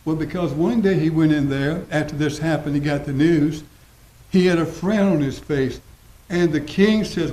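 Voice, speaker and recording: A man preaching a sermon as pastor, folksy and repetitive, slowing down to stress his points. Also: a little high, mellow. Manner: folksy preaching, repeats phrases, slows for emphasis. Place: church sanctuary. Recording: roomy church echo.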